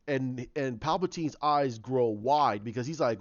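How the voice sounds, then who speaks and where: A man's voice: mid-range voice, measured pace, few pauses, no echo. Man retelling a story, rambling, restarting, dull lo-fi recording. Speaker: fan commentator. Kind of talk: casual fan retelling.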